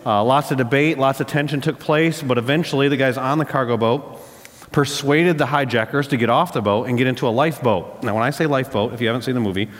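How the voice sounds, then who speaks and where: A man's voice: medium pitch, fast, big-room sound. A married man preaching a sermon as a pastor, retelling a story and then driving points home with emphatic repetition.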